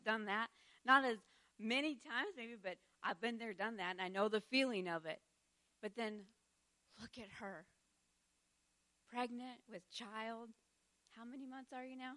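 Bright-voiced woman teaching in church. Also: a little high. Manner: laughs often, conversational and heartfelt.

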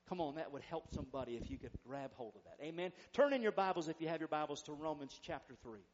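Male pastor, high voice, fervent call-and-response preaching, slightly dull lo-fi recording. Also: fast, few pauses. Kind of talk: sermon.

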